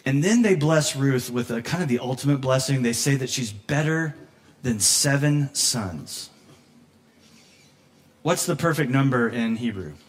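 Preaching in a medium-pitched voice at a slightly slow pace, a man leads his congregation with animated, talk-like delivery. He laughs frequently, imitates quoted speakers, and is moved almost to tears at times.

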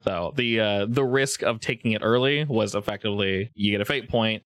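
A man's voice: fairly low pitch, fairly bright tone, no room sound. A man running a tabletop role-playing game, narrating the scene and explaining rules in a chatty way. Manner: chatty, explains rules quickly, laughs often. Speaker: game master.

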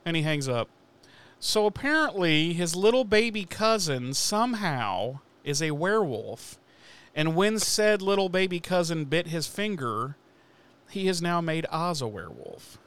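A man's voice: a little high, very animated, a little slow, a bit bright, clean tone. A man hosting a podcast, recapping an episode in casual, profane chat and laughing at the story. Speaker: podcast host.

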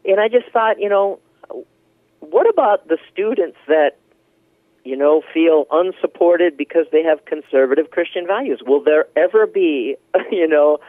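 A man telling a story in casual conversation, animated and laughing often, with lots of fillers. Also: fairly high pitch, dry recording. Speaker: guest. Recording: tinny phone line, dry.

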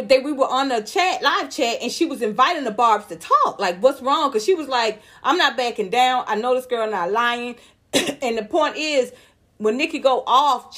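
Outspoken high-voiced woman vlogger. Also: fairly bright tone. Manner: outspoken, heated, slangy, addresses viewers directly. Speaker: gossip vlogger. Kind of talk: celebrity gossip commentary.

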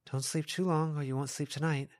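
A man voicing a brisk, practical teenage girl, lifting his pitch and keeping it matter-of-fact in an audiobook reading. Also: steady tone, dry recording, studio quality, natural voice.

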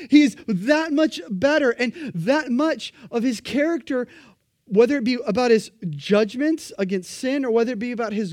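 A man preaching a sermon, animated and emphatic, acting out the voices of the people he quotes. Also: high voice, no room sound, studio quality.

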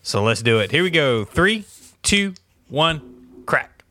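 A man co-hosting a casual beer podcast, laughing often and agreeing quickly. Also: a little high, big pitch swings, sharp tone. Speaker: podcast co-host. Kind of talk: casual chat.

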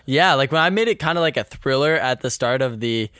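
Dry-sounding young man, animated chat. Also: medium pitch, a little fast, clear, resonant tone, dry recording. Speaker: podcast co-host and YouTuber. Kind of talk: casual chat.

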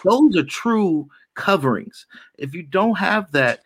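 A man's voice: high voice, lively intonation, slow, a bit bright, breathy edge. A man in a casual chat about church, preachy and building to emphatic points.

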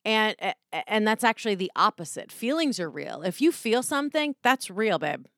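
A woman's voice: medium pitch, moderate pace, dry recording, studio quality. A woman hosting a casual self-help talk, candid and swearing freely, often acting out quoted voices. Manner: candid, profane, animated, acts out quoted voices. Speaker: podcast host.

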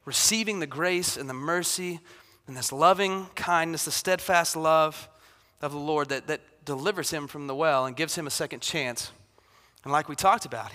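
A middle-aged man, a pastor, preaching a sermon in a church in a conversational, animated way, acting out quotes from the story. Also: a little high. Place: church sanctuary. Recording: long hall reverb.

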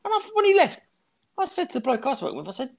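Ranting man, animated pitch. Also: rapid-fire, vocal fry. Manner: crude, ranting storyteller. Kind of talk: casual chat.

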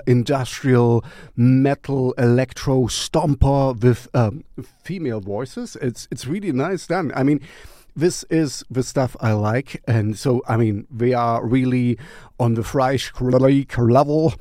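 A man hosting a casual music vlog, talking at an unhurried, drawn-out pace. His voice has a gravelly, fry-heavy edge. He rambles playfully and leans on a lot of fillers, and the sound is dry and close. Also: mid-range voice, dark tone, no echo. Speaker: music vlogger.

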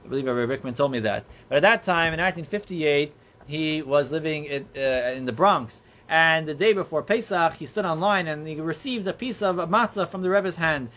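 Earnest halting male storyteller. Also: a little high, fairly bright tone. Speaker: religious teacher. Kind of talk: storytelling talk.

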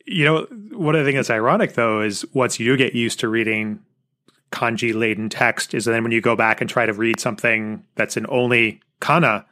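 American male host, mid pitch, bright, conversational and explanatory. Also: normal speed, dry recording, studio quality. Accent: American English. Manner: explanatory, side remarks to listeners. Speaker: podcast host. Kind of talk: casual interview chat.

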